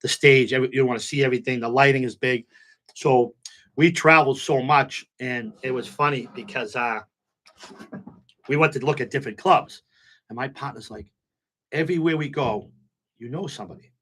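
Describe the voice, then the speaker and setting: A man's voice: mid-range voice, normal speed, pauses often. A middle-aged man, a nightclub owner telling stories in a casual interview and acting out the quotes. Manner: animated storyteller, acts out quotes, repeats "you know what I'm saying".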